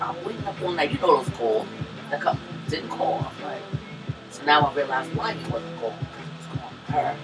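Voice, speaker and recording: A woman co-hosting a podcast, telling a personal story in a loose, profane, animated way and laughing often. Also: low voice, a little fast, far from the mic, over loud music, low-quality recording. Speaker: podcast co-host. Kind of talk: casual storytelling chat.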